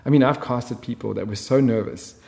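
A man's voice: mid-range voice, fairly quick, vocal fry, a little mellow, big-room sound. A man talking as a film director in an interview, chatty and full of fillers. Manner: chatty storyteller, many fillers. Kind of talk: conversational interview.

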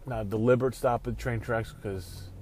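A man's voice: medium pitch, steady tone, a little mellow, a little hiss or hum. Cursing man ranting from his car. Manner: profane, ranting, quick to angry outbursts. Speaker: show host. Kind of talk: casual sports talk rant. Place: in a car while driving.

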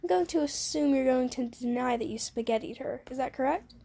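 A fed-up male school principal, voiced by a woman playing a game answers in a curt, exasperated way. The voice is gravelly and high. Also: fairly quick, mellow, full character voice.

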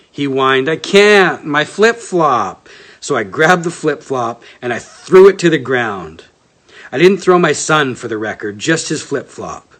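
A man's voice: medium pitch, fairly bright tone. A man giving a casual sermon, conversational and self-deprecating, reading part of it aloud from a book. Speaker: pastor.

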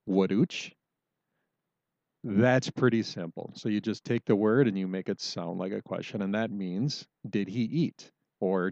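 A low-pitched man teaches a language lesson in a relaxed, conversational way, filling pauses with "um" and slowing right down to sound out example words. The recording is close and dry, with a slightly dull, muffled tone. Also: no room sound. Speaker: language podcast host. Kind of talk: casual spoken language lesson.

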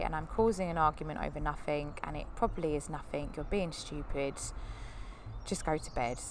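A woman, hosting a podcast and candidly telling a personal story in a rambling way, bursting into lively quoted dialogue. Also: fairly low pitch, slight background noise. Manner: candid, rambling, animated when quoting others. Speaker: podcast host.

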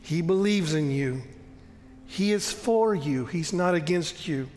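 A pastor preaches with a high voice, earnest and emphatic. He slows down and drops to a near hush to press a point. The sound carries a long reverb from the church hall. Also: slight background noise. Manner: earnest, emphatic, slowing down and dropping to a soft hush on key lines. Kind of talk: sermon.

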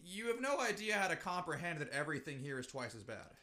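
A man co-hosting a casual podcast, telling an animated story with swearing and mocking quotes. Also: on the high side, quick pace. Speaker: podcast co-host.

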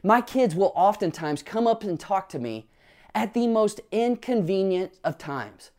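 A man's voice: high-pitched, animated, unhurried, a little mellow. A man preaching a sermon as pastor, earnestly asking his listeners rhetorical questions and telling personal family stories.

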